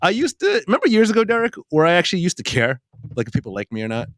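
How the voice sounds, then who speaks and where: A man's voice: sits high, very fast, no echo, studio quality. A man, a comedian and podcast host, in casual banter, swearing often and laughing through his stories. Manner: swearing, laughing, animated storytelling.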